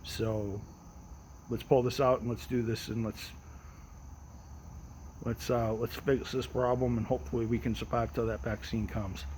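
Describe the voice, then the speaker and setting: An American man hosting his own show, talking outdoors in a relaxed, rambling way with many restarts. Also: medium pitch, a little hiss or hum, poor audio. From United States. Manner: rambling and repetitive, frequent restarts; relaxed and unhurried. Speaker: host of his own daily audio show. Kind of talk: casual personal monologue. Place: outdoors at night.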